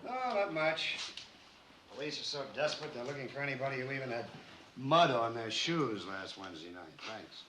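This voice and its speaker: An actor playing a dry, world-weary newspaper reporter in a 1950s film. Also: male voice, mid-range voice, normal speed, background noise, natural voice. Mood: jaded. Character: jaded, wisecracking older newspaper reporter.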